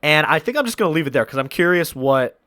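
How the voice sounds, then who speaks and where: A man's voice: fairly high pitch, animated, fast, bright, forceful tone, no room sound, clean studio sound. A man hosting a podcast, telling a rambling story in casual chat. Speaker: podcast host.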